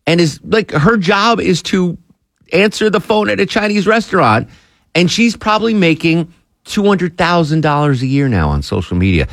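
A man co-hosting a podcast, telling stories in a casual chat and jumping high in pitch when amused. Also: lively intonation, normal speed, fairly bright tone, no room sound, studio quality. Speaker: podcast co-host.

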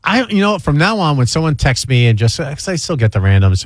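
Rambling middle-aged radio host, dry sound. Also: male voice, mid-range voice, animated, fast, no room sound. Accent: New York. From New York. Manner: rambling storyteller, self-deprecating. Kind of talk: casual radio chat.

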